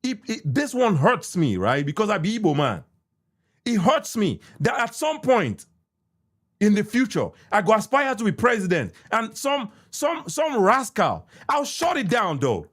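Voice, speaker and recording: A young man with a Nigerian accent rants in a podcast, indignant and repetitive, cursing as he goes. His voice sits high and swings widely in pitch. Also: wildly swooping pitch, a little slow, fairly bright tone. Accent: Nigerian English with pidgin. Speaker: podcast host reacting to an interview. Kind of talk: ranting commentary.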